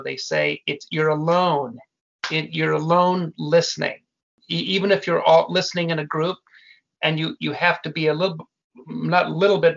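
A man's voice: a little high, gravelly, pushed and bright. An older man speaking as a guest in casual conversation, an earnest storyteller who often restarts his sentences. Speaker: guest, family business founder. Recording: muffled lo-fi audio.

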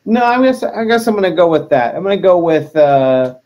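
A man's voice: fairly high pitch, very animated, a little fast, darkish tone, muffled recording. A man, a wrestler as interview guest, chatting casually in a joking, self-deprecating way.

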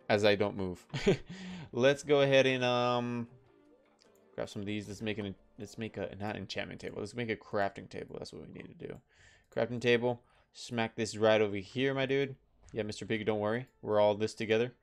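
A young man doing casual gameplay commentary, chatty and excitable, talking to the animals in the game. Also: fairly low pitch, moderate pace, faint music behind. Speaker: gaming YouTuber.

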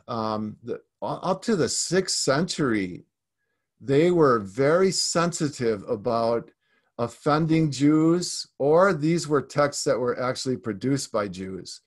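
A man's voice: fairly high pitch, breathy edge. A man preaching a teaching sermon in a church, explaining step by step with frequent fillers and restarts.

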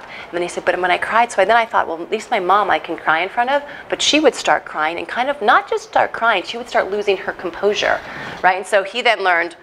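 A woman gives a parenting talk to a church moms' group in an earnest, animated way. She often restarts her sentences and checks in with "right?". Her voice sits at a middle pitch, with a faint room hum in the background. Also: quick pace.

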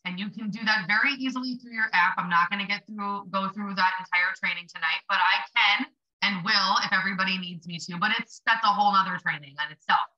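Blunt, chatty woman with a very bright voice. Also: medium pitch, brisk, few pauses, muffled recording. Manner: blunt, chatty, swears for emphasis. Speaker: livestream host coaching small business sellers. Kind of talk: casual motivational live stream.

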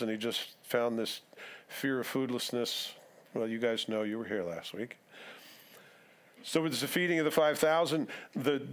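A male pastor giving a casual, conversational sermon, asking his congregation questions and acting out the dialogue of the story he reads. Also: mid-range voice. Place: church sanctuary.

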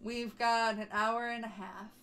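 A young woman, a VTuber streamer, chats casually with her viewers from home in a bubbly, talkative way, cooing baby talk to her dogs. Her voice is a little high and fairly bright, with fairly even intonation and a measured pace. The low-quality recording carries slight background noise.

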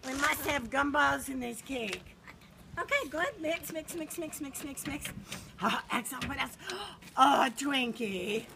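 Older lady doing a high swooping tv chef voice, fluttery and bossy, noisy home video. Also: measured pace, gravelly. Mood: playful. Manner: fluttery, exclaiming, bossy with helper. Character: impression of a famous warbly older woman TV chef. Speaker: grandmother hosting a mock cooking show. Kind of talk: playful mock cooking demo. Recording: home video with loud background noise.

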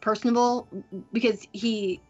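A woman's voice: on the high side, fairly even intonation, a little slow, faint music behind. Woman game master, muffled audio. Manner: hesitant, many fillers. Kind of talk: narrating a tabletop game.

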